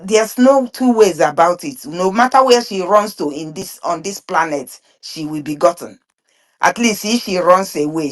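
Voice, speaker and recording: A woman, speaking earnestly in an online group discussion, often stumbling and repeating words. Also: low voice. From Nigeria (Biafran region). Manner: halting, repeats and restarts words; earnest, emphatic. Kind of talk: impassioned spoken commentary.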